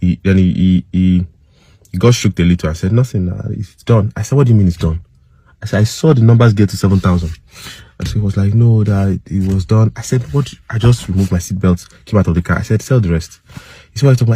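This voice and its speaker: A Nigerian man ranting agitatedly as he retells a run-in, his voice climbing to loud outbursts. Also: lowish voice, fast talker. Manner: agitated, rising to loud outbursts when quoting himself. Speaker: minister ranting on camera. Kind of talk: personal rant, retelling an incident.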